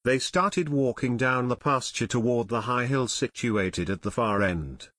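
A man narrating a children's mystery audiobook in measured storytelling. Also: medium pitch, expressive, fairly bright tone, no echo, studio quality. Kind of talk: scripted narration.

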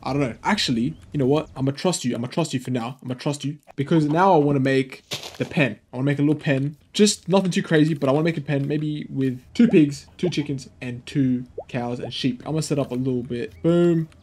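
A young man giving casual, slangy let's-play commentary, getting excitable and yelling at the game. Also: medium pitch, fairly quick, slight background noise. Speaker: gaming YouTuber.

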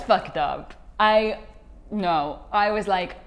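A woman's voice: medium pitch, expressive, a little fast. A young woman vlogging in a chatty, rambling way, often mocking herself. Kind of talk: casual vlog chat.

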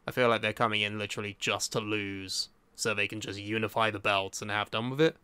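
Male podcast co-host, crisp voice, dry close sound, blunt, swears a lot. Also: fairly low pitch, fairly even intonation, a little fast, sharp tone, no room sound. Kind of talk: casual podcast banter.

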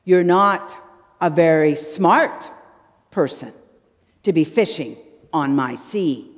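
A menacing sea creature, put on by a woman preacher, speaks slowly in a low, threatening voice. The sound rings with a long church reverb. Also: expressive.

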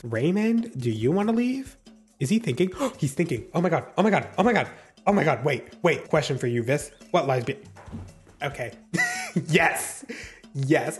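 A man giving casual gameplay commentary as a gaming YouTuber, excitable and chatty, swearing freely and talking straight to his viewers. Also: a little high.

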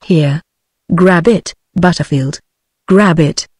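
A woman's voice: fairly low pitch, slow pace, slightly rough, no echo, studio quality. A text-to-speech woman's voice with a British English accent, reading the lines of a stern middle-aged father without any character voice. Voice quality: flat machine read, no character voice. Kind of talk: synthetic audiobook dialogue.

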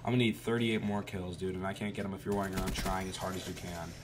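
A man giving profane, trash-talking commentary over a shooter game, with sudden loud outbursts. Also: low-pitched, level tone, fast talker, background noise. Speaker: gaming YouTuber. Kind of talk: gameplay commentary.

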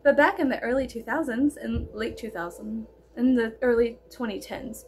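A woman's voice: fairly high pitch, moderate pace. A woman in her thirties from South Texas rambling through a casual story with heavy fillers and free swearing. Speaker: storyteller vlogger. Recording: faint background noise.

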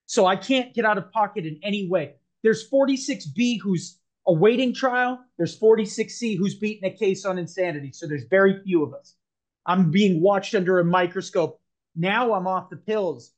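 Earnest high-voiced man telling his story. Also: moderate pace. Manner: earnest, rambling with restarts. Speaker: podcast guest. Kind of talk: personal storytelling interview.

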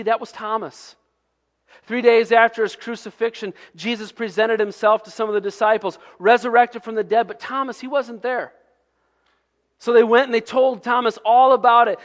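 A male pastor giving a sermon in a conversational preaching manner, sometimes dropping to hushed tones. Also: high-pitched, big-room sound.

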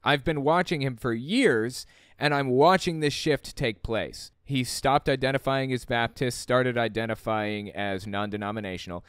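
A man with a smooth, resonant voice talks through a book in casual commentary, sounding incredulous and exasperated as he questions what he reads. The recording is close and dry, with no room sound. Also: mid-range voice, no room sound. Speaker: host reading a book aloud with commentary.

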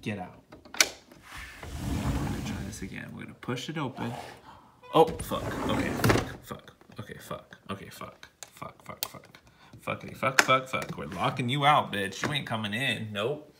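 A young man talking casually and dramatically to a trapped wasp, swinging between hushed whispers and loud exasperated outbursts. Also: mid-range voice, normal speed, creaky, heavy background noise. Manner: dramatic, exasperated, slangy, drops to whispers and bursts into loud outcries. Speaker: vlogger.

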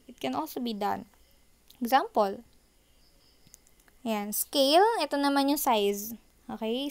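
Filipino-accented woman lecturing, clear voice. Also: on the high side. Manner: explains in a mix of English and Tagalog, many checking tags. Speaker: teacher. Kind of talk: recorded online lecture over slides.

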